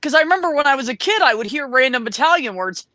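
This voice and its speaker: A woman guest in casual chat, animated and exclaiming. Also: high-pitched, fast, no room sound, studio quality. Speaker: panel guest.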